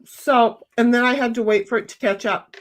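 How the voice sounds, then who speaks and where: Blunt high-voiced older woman. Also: fairly even intonation, moderate pace. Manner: blunt, salty, acts out both sides of conversations. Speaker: stream host. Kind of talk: casual chat on a live stream.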